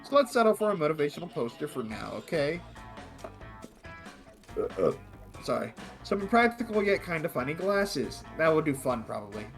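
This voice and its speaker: A man's voice: a little high, big pitch swings, normal speed, faint music behind. A man playing a video game with friends, reading the on-screen text aloud in a casual way with joking asides and mild swearing. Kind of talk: casual playthrough chat.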